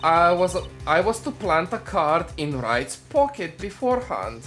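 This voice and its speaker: A man voicing a scheming female card dealer in a put-on Russian accent, in a slow, sly, boastful delivery for a fan voice-over of a game. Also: fairly high pitch, sing-song, fairly bright tone, soft background music.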